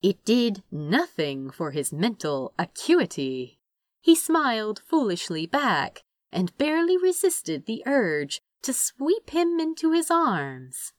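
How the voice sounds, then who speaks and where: A woman narrating a story in an unhurried, measured way. Her pitch rises and falls freely as she tells it, and the recording is dry and close with no room sound. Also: sing-song, dry recording. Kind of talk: audiobook narration.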